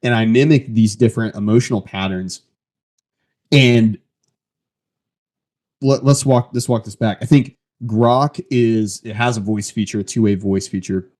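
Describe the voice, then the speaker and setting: A man with a somewhat low voice hosts a casual tech podcast. He talks conversationally, with a few restarts. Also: measured pace, long pauses, darkish tone. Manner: conversational, reads a post aloud, frequent restarts. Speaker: podcast host.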